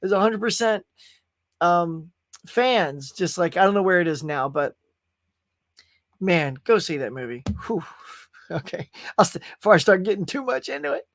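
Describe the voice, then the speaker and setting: A man's voice: sits high, very animated, normal speed, long pauses, a bit bright, no echo. A man hosting a casual pop culture podcast, talking emotionally and rambling with restarts as he gushes about a movie. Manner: gushing and emotional. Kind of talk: casual movie review chat.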